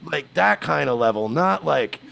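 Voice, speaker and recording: An American man chatting casually, his pitch swinging widely as he acts out quotes. His voice has a gravelly fry. He tells crude, boastful stories and restarts often. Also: expressive, measured pace, a bit bright, slight background noise. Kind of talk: casual chat.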